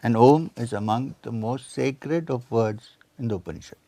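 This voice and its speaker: A man's voice: medium pitch, normal speed, dark tone. A man in his seventies giving a spiritual lecture, quoting scripture and Sanskrit and asking his listeners questions. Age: 70s. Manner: quotes scripture and Sanskrit, asks the audience questions.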